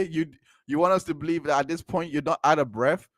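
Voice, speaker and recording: A man's voice: fairly high pitch, moderate pace, dry recording. Man hosting dry casual commentary. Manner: repetitive, restarts phrases, incredulous asides. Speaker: commentary channel host. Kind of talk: casual commentary on court transcripts.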